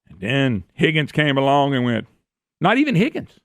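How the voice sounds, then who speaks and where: Male talk radio host, folksy and sarcastic, gravelly voice with lively swoops, dry studio mic. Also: medium pitch, moderate pace, no echo. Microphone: studio microphone.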